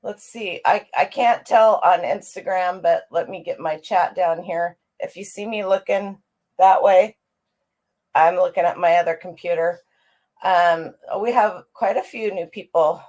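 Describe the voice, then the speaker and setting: A woman's voice: on the low side, a little slow, darkish tone. A middle-aged woman hosting a casual livestream, chatty and upbeat as she greets viewers by name. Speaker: livestream host greeting chat.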